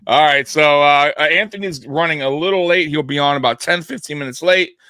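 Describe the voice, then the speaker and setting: A man hosting a casual sports talk show, excitable and quick to laugh. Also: on the high side, clear, resonant tone, no room sound, clean studio sound. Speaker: podcast host.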